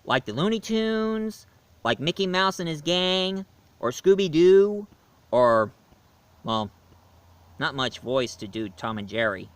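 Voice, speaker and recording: A man's voice: on the high side, very animated, slow pace, pauses often, clean tone, no echo. A man reviewing cartoons in a casual, rambling vlog talk with frequent self-corrections. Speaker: voice impressionist and reviewer.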